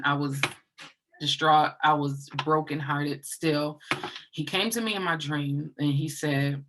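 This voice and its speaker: A woman telling a personal story in casual conversation, earnest and halting, often repeating herself. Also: sits low, fairly even intonation, noisy background.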